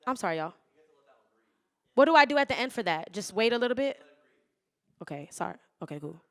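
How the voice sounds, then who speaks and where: Spoken word poet, rhythmic and loose. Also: female voice, on the high side, sing-song. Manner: loose, laughing, swearing banter between poems; measured rhythmic delivery in poems. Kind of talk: spoken word poetry performance with casual chat between poems.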